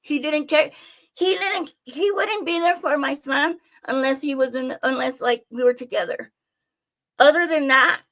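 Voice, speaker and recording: A young woman streaming live, telling her own stories in an animated, chatty way with plenty of swearing and jokes at her own expense. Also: high voice. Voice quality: animated, chatty, swears freely, self-mocking. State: out of breath. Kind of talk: casual storytelling to viewers.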